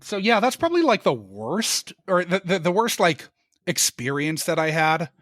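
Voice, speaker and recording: Young guy ranting about an old job, kinda high voice, swears a lot, gets worked up. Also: normal speed, no room sound, clean studio sound. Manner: animated, profane storytelling, voice jumps up in exasperation. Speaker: podcast guest. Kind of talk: casual storytelling chat.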